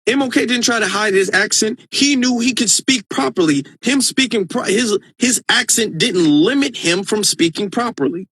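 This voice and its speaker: A man with a notably high voice hosts a casual live stream into a phone. He talks earnestly and with emphasis, restarting sentences as he goes. The sound is dry and close. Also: moderate pace, few pauses, fairly bright tone, slightly rough, dry recording. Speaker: live-stream host reading viewer comments.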